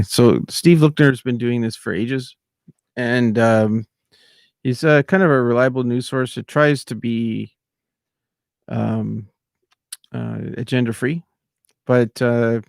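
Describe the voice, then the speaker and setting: Gravelly man ranting with fillers. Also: mid-range voice, a little slow, darkish tone, dry recording, clean studio sound. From outside America. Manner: rambling, many fillers and restarts, indignant. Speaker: channel host. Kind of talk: casual ranting commentary.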